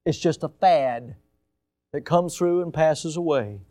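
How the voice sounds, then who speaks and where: An older man, a pastor, preaching a sermon with emphatic rises and sudden quiet drops. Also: on the high side, takes it slowly.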